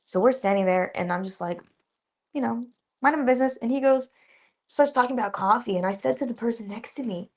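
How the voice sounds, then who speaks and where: A woman actress, a guest on a remote streamed interview, telling lively stories and acting out what people said. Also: on the high side, fast talker. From Dallas area. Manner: animated storytelling, acting out quoted voices. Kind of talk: casual interview chat. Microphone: remote stream call.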